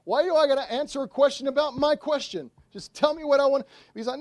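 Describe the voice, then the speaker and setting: A man, a pastor, preaching a sermon and retelling a story with lively, acted-out voices. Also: very high voice, brisk, hardly any pauses, no room sound, clean studio sound.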